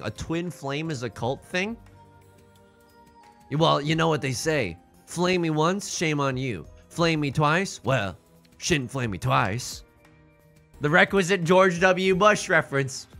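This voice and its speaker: A young man with a bright, lively voice chats loosely while playing, wandering off into silly tangents and jokes. His pitch swings widely, and soft game music plays behind him. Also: takes it slowly, gravelly. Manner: rambling, goofy, jokey asides. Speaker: streamer. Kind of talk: casual game commentary.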